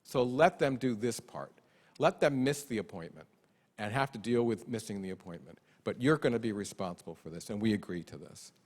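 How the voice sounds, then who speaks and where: A man giving a conference talk with lively, self-deprecating humor, acting out parents' voices. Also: fairly low pitch, a little fast. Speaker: conference speaker. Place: large conference hall. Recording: long hall reverb.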